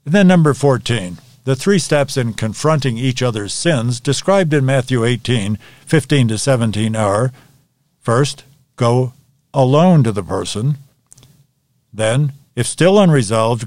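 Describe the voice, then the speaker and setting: A man teaching a Bible study lesson, working methodically through review questions and answers in a measured way. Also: mid-range voice, lively intonation, a little mellow, dry recording.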